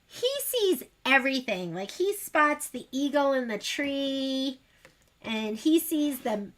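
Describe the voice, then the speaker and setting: A woman's voice: high-pitched, lively intonation, takes it slowly, fairly bright tone. A woman hosting a sewing livestream, chatting casually and rambling while she demonstrates. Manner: chatty, rambling, self-deprecating. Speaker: sewing shop livestream host.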